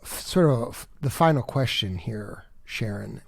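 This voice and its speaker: A man hosting a podcast, interviewing a guest and narrating in a conversational, measured way. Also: medium pitch, lively intonation, vocal fry. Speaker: podcast host.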